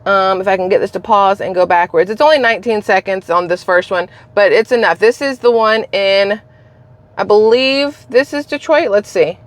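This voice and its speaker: A woman's voice: medium pitch, moderate pace. A woman hosting a political commentary vlog, talking in a blunt, opinionated, casual way. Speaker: channel host.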